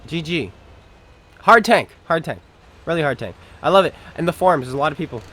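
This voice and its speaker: A man plays a tank game while giving sarcastic, joking commentary, talking to both enemies and viewers as he goes. His voice is on the high side, expressive, and fairly bright, and he talks very fast.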